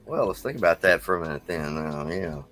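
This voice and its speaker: A man's voice: deep voice, lively intonation, quick pace, a bit bright, faint music behind. A man on as a guest in a casual chat, who tells rambling, easygoing stories and likes doing accents.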